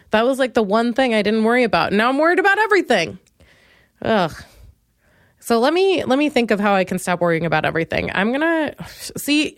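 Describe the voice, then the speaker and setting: Clean studio audio with no room sound captures a young Minnesotan woman in her twenties doing a solo comedy podcast monologue. Her self-deprecating rambling shifts between quiet mumbling and sudden loud outbursts.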